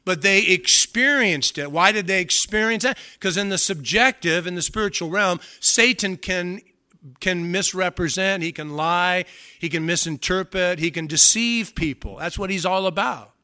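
A man's voice: high voice, moderate pace, pushed and bright, smooth. A male pastor preaching a sermon with emphatic delivery, often repeating words for stress.

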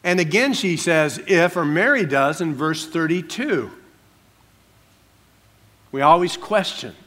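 A man's voice: on the high side, animated. Man preaching with dramatic swells. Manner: dramatic, shifts between soft hushed asides and loud emphatic drawn-out declarations. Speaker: pastor. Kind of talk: sermon.

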